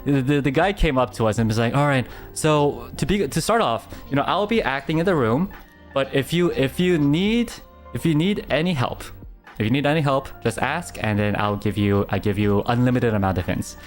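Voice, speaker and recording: A young man streamer telling a story in casual chat, animated, with stammering restarts and frequent laughter. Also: medium pitch, normal speed, faint music behind.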